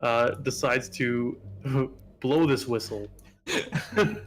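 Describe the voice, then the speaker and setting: A man narrating his character's actions as a guest player in a tabletop game, telling it in a drawn-out way with fillers. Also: medium pitch, a little hiss or hum. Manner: slow, drawn-out storytelling with frequent fillers.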